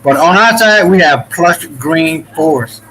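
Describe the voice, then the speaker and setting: A man's voice: on the high side, animated, measured pace, a bit bright, a little hiss or hum, poor audio. A man from the Dominican Republic in a casual, rambling talk-show chat, swearing freely and restarting his sentences often. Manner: loose, profane, rambling with many restarts.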